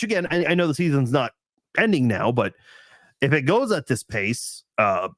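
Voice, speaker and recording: A man's voice: mid-range voice, a bit bright, no echo. A man hosting a casual live stream chat, thinking aloud with lots of restarts and fillers.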